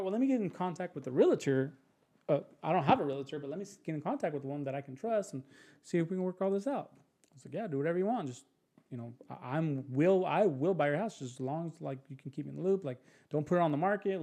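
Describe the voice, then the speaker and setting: A young man, a podcast guest, telling a story in casual chat, animated and acting out the voices of others with quick restarts. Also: on the high side.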